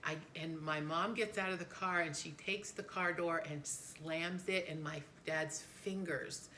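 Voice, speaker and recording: Animated storytelling woman, bright voice. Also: unhurried, slight background noise. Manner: animated, voice jumps high when quoting. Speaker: podcast co-host. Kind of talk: casual family storytelling.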